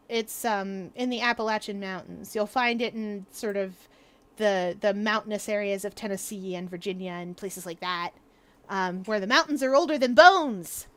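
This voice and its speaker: A woman's voice: mid-range voice, smooth. A young woman streaming from home, chatting casually and explaining things at length, laughing often. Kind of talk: casual livestream chat.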